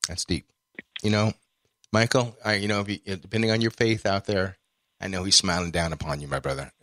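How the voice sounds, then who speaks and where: A man's voice: low-pitched, fairly even intonation, a little fast, dry recording, clean studio sound. A man hosting a podcast interview, effusive and full of praise, calling his guest brother. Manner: effusive, warm-hearted praise, says brother. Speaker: podcast host.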